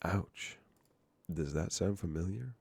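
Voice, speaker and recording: Gravelly-voiced male streamer, lively delivery. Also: low-pitched, slow pace, dry recording. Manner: profane, exasperated asides. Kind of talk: live-stream reaction, reading aloud.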